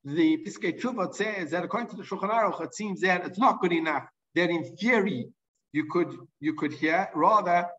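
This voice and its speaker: A man's voice: high-pitched, lively intonation, normal speed, a bit bright, far from the mic, dull audio. A man teaching a Torah lesson, reading Hebrew and Aramaic sources aloud and explaining them in English, with frequent restarts and fillers. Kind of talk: halachic lesson with Hebrew quotes.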